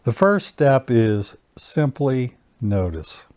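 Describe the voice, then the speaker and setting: A man teaching a personal growth lesson, giving slow, calm guiding instructions and leading breathing exercises. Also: mid-range voice, no room sound.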